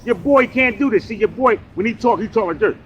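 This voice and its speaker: Man in a loud, mocking rant. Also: sits high, fairly quick, muffled recording, a little hiss or hum. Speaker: online commentator in a played clip. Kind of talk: confrontational video rant.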